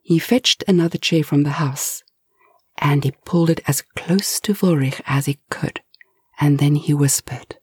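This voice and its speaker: A woman narrating a story in a slow, gentle, expressive way, with soft whispered asides. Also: sits low, slightly rough, dry recording.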